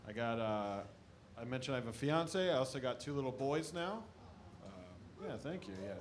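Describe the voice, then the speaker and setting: A stand-up comedian man from the American Midwest, telling animated stories about his family on a club stage. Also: mid-range voice, moderate pace, crowd noise. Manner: animated storytelling, shouting impressions of his dad.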